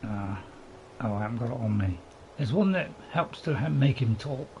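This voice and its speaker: A man's voice: medium pitch, expressive, moderate pace, darkish tone, dull audio. A man streaming a game and chatting casually, rambling and restarting his sentences in an easygoing way. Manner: rambling, easygoing, self-interrupting. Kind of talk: casual gameplay commentary. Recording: constant cricket and insect noise behind.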